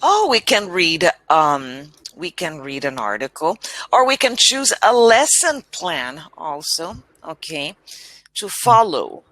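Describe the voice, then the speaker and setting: A woman English tutor on a video call, speaking in a deliberately unhurried, crisp-toned way. She is patient and encouraging, modelling each word with careful enunciation, over a dry close line. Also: low-pitched, big pitch swings, a bit bright, no echo. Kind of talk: online one-on-one language lesson.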